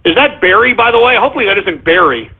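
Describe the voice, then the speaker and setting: Mocking high-voiced male radio host. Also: sing-song, fast, slightly rough. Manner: loud, mocking, rambling. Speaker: radio talk show host. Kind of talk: shock-jock call-in radio. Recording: lo-fi phone-like radio sound.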